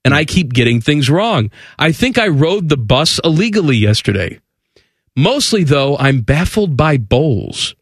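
A man's voice: fairly high pitch, very animated, measured pace, no room sound, studio quality. A man co-hosting a radio show, reading a letter aloud and mocking it incredulously. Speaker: radio co-host. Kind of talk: casual chat, reading aloud.

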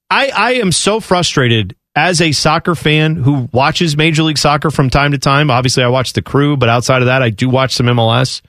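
A man hosting casual sports talk who rants with an animated delivery and frequent restarts. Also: fairly high pitch, no echo, studio quality. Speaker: sports radio host.

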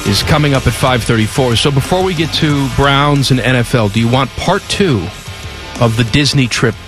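A male radio host telling a story in a lively, emphatic, exasperated way in a studio. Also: mid-range voice, moderate pace, over music. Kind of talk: animated storytelling on talk radio.

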